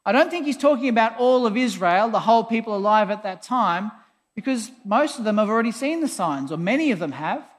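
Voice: medium pitch, animated, a little fast. A preacher giving a conversational, emphatic sermon, often sounding exasperated. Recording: long hall reverb.

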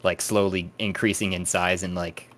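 A man's voice: low-pitched, little pitch movement, normal speed, fairly bright tone, slight background noise. A man narrating as game master in a hesitant, rambling way.

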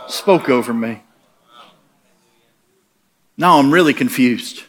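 A man preaching who tells a story and acts out the voices in it. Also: a little high. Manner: animated, acts out the voices in his stories. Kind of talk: sermon storytelling.

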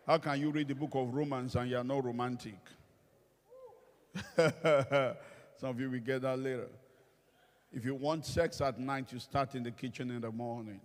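A male pastor giving a humorous sermon, telling stories and acting out the people he quotes. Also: medium pitch. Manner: animated storytelling, acts out quoted voices. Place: church hall. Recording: long reverb of a large hall.

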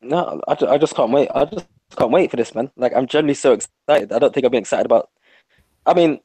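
A young man chats on a podcast in a mid-range voice. He is excitable and full of jokes. The recording is dry. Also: mid-range voice, fast talker, slightly rough, no room sound, poor audio. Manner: excitable, jokey. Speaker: podcast co-host. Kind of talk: casual podcast chat.

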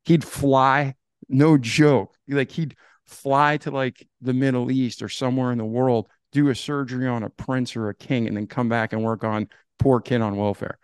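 A man tells his own story in a podcast interview at an average pitch. He talks casually and animatedly and acts out old conversations as he goes. The sound is dry and close. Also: moderate pace, smooth, no room sound. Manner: animated, acts out dialogue with "I'm like". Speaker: podcast guest.

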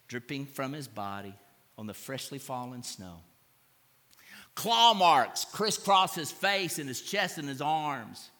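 A man's voice: mid-range voice, pushed and bright. A male pastor preaching a sermon, telling a story dramatically and acting out the audience's reactions. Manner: asks the congregation to repeat after him. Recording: long reverb of a large hall.

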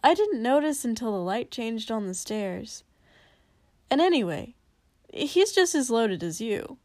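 A woman voicing a gentle, cheerful young man who speaks mildly and carefully. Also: on the high side, big pitch swings, measured pace, dry recording. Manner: mild, careful, hesitant.

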